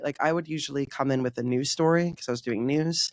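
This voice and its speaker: A man's voice: mid-range voice, steady tone, fast talker, hardly any pauses, dry recording, studio quality. A man answering interview questions in a casual, chatty way, often saying "like" and acting out bits of remembered dialogue. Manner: chatty, heavy use of "like", acts out quoted dialogue. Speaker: podcast guest, community manager.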